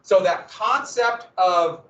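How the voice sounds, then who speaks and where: A man's voice: sits high, slow, a bit bright, far from the mic. A man teaching a history class in a casual lecture, with joking asides and dramatic emphasis. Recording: echoey, muffled classroom recording from afar.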